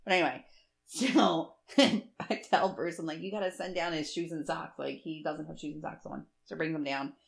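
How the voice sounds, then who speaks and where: A woman in her forties chatting casually on a podcast, telling animated stories about her kids and laughing often. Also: low voice, moderate pace, creaky. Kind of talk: casual chat.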